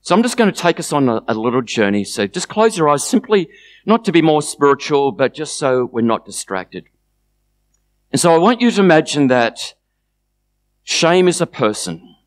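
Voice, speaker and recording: Male guest speaker telling a vivid sermon story, animated and engaging. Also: a little high, normal speed. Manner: storytelling, animated, with soft restarts. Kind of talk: sermon with guided imagery.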